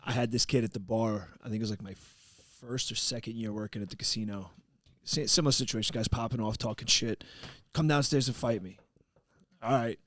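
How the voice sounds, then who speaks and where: A man's voice: on the low side, a little fast, a bit bright, no room sound. A man co-hosting a casual podcast, telling a bar story with swearing and acted-out quotes. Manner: brash, swearing, acts out quotes. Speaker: podcast co-host.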